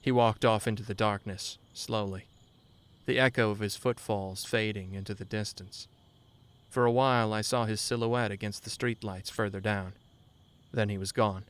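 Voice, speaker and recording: A man narrating a horror story in a measured way, slowing down on grim details. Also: lowish voice, fairly even intonation, fairly bright tone, clean tone.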